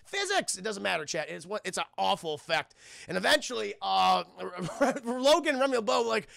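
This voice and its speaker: A sarcastic young man rambles through a spoiler film review for his live chat, swearing freely. His voice sits high and bright, with a heavy gravelly fry, and the sound is dry and close. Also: big pitch swings, brisk, no echo.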